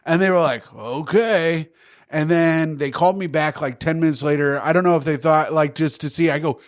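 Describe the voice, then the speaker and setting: Here's a New York podcast co-host on a comedy show, his voice on the high side and his pace moderate. In easygoing chat he spins a story with animation, voicing each quoted line as he goes.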